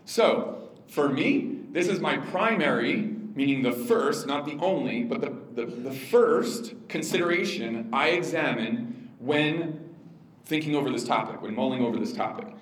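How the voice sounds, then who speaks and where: A man speaking to a church audience in a loose, chatty teaching style, his voice set a little high for a man. He talks with plenty of fillers. The sound is roomy and echoing, with a faint hiss underneath. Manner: conversational, many fillers, animated quoted asides. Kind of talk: informal church teaching talk. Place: room with an audience.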